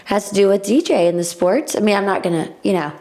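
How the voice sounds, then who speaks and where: A woman's voice: mid-range voice, fast, dark tone. A woman hosting a podcast, chatting casually and enthusiastically and often agreeing with her guest. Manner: enthusiastic, frequent backchannel affirmations. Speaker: podcast host. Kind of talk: casual conversational interview.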